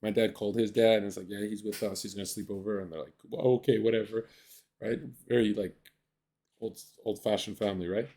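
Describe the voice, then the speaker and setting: A man from Canada hosting a stream. He tells stories in a crude, animated way and acts out the voices of the people he quotes. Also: lowish voice. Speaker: streamer host. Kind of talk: casual storytelling on stream.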